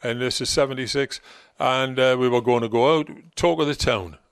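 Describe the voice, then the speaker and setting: A man's voice: medium pitch, normal speed, fairly bright tone, clean tone, dry recording, studio quality. An older man, a former football manager, telling rambling stories in conversation and acting out other people's lines. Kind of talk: anecdotal storytelling in conversation.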